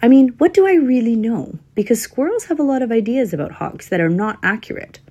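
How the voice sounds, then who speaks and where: A woman voicing a clever but flustered male squirrel in a storybook reading, talking to himself in anxious, thinking-aloud bursts that turn squeaky when he is frightened. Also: expressive, a little fast, warm tone, breathy edge. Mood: musing. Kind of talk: storybook character voice.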